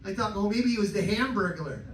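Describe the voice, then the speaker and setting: A comedian's high-pitched, animated voice comes through fairly quickly as he does stand-up on a live cabaret stage. He is crude and self-deprecating and works the crowd, all caught in a noisy, roomy live club recording from a distance.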